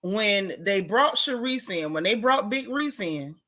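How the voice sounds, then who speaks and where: A middle-aged woman, host of a live gossip stream, chatting in a sassy, animated, colloquial way. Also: medium pitch, measured pace. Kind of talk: casual gossip chat, greeting live chatters.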